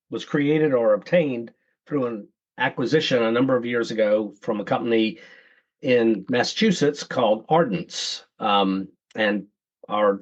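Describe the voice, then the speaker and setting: Man hosting a podcast, dull audio. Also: on the low side. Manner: loose, with frequent restarts. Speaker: podcast host. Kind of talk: casual podcast chat.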